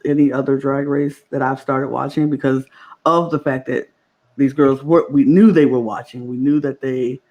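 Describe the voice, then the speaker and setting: Male co-host, mid-pitched, sincere and appreciative, dull lo-fi sound. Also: a little mellow. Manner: earnest, appreciative. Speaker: podcast co-host. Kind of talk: casual chat. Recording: muffled lo-fi audio.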